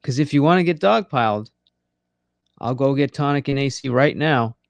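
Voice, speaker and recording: A man's voice: mid-range voice, lively intonation, normal speed, creaky, dry recording. A man hosting a live late-night audio chat room, rambling and swearing freely as he talks straight to his listeners. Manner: profane, rambling and conversational.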